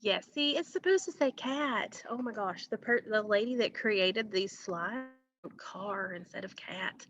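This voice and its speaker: A woman teaching an online phonics lesson, slowly stretching out vowel sounds and talking straight to her students. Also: mid-range voice, a bit bright, lo-fi sound. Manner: slow, drawn-out modeling of vowel sounds, addressing students directly.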